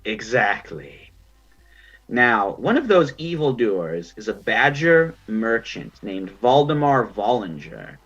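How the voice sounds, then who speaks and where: A man's voice: medium pitch, sing-song, takes it slowly, fairly bright tone, slightly rough, full character voice. A man voicing an ancient, gap-toothed female otter who rules as pirate queen, speaking in a gracious, grand manner. The audio is dull and lo-fi.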